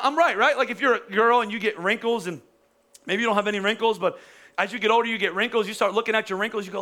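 A man's voice: high-pitched, pushed and bright. A man in his forties preaching a sermon in a conversational, joking way, often restarting his sentences. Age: 40s. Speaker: pastor.

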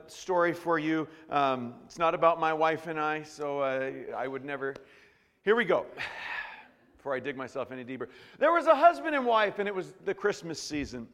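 A man's voice: on the high side, fairly bright tone. A man preaching a sermon as a pastor in a church, in a jokey, conversational way with frequent restarts. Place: church sanctuary. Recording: long reverb in a church hall.

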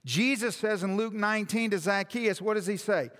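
A man's voice: high voice, moderate pace, a bit bright. A male pastor preaching a sermon in a church hall, emphatic and full of rhetorical questions, with long hall reverb.

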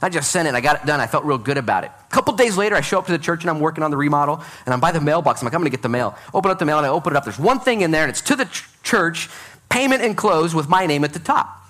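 Animated man preaching a sermon. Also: fairly high pitch, rapid-fire. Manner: animated storytelling with self-deprecating jokes. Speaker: pastor. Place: church sanctuary.

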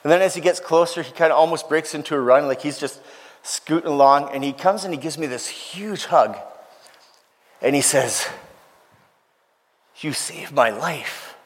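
Male preacher, emotional storyteller, voice a little high, long church reverb. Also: normal speed. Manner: earnest, emotional, quotes others in lively voices. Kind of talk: sermon storytelling.

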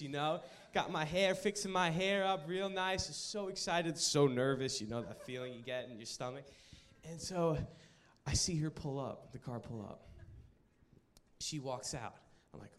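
High-voiced young preacher telling a story. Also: male voice, a little hiss or hum. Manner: animated, jokey storytelling to a live room. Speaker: youth pastor. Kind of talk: sermon with personal story. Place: live room with an audience.

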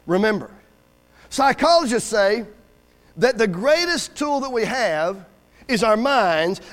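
Man, very high voice, folksy guest preacher, sermon, loud-to-hushed swings. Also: in a large hall, low-quality recording. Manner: calls out "amen" and "hey" to the congregation. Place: church service.

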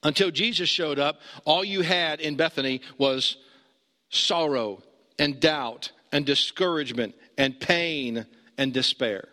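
A man preaches a sermon as pastor, earnest, his voice climbing high as he urges and sinking low and slow for emphasis. The tone is sharp, with the sound of a big room.

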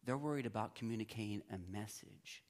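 A man's voice: on the low side, brisk. Man teaching a Bible class. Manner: conversational, acts out students' reactions.

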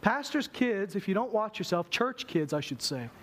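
High-voiced storytelling preacher man. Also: sing-song, normal speed, a little hiss or hum. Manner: humorous storytelling, acts out voices. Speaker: pastor. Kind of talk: sermon. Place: church.

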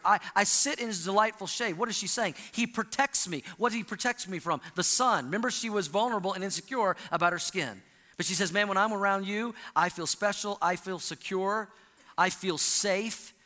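A male pastor delivers an animated sermon, his voice high and sharply bright. He gets the congregation to repeat lines back to him. The sound carries the long reverb of a large church hall. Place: church sanctuary.

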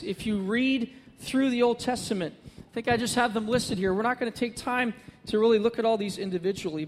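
High-voiced male pastor in a reverberant hall. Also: noisy background. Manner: earnest, builds to emphatic repetition. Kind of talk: sermon.

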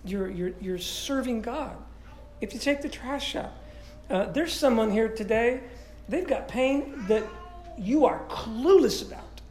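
A man preaching a sermon as pastor, stuffy-nosed and congested, in a lively, conversational way with many restarts. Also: very high voice, a little slow, echoey room. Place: church sanctuary.

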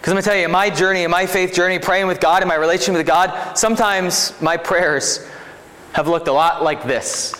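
A man's voice: high-pitched, fairly even intonation, brisk, a bit bright, long reverb tail. A man preaching a sermon as pastor in a conversational way, often checking in with his listeners. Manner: conversational, asks 'right?' often.

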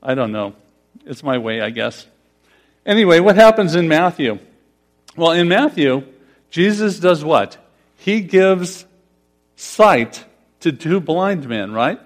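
A man's voice: on the high side, expressive, takes it slowly, pauses often. A pastor preaching a conversational sermon, putting questions to his congregation. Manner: conversational, asks the congregation questions, laughs often.

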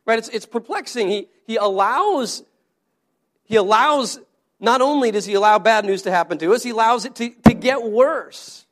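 A man's voice: high voice, normal speed, fairly bright tone. A male pastor giving a conversational sermon, asking the congregation questions and often repeating his words.

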